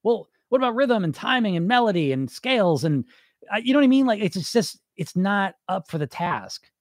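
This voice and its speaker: Blunt, high-voiced male weight loss coach. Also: sing-song, fairly quick, dry recording, clean studio sound. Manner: blunt and emphatic, with frequent laughs and mock-quoted voices. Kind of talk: casual podcast monologue.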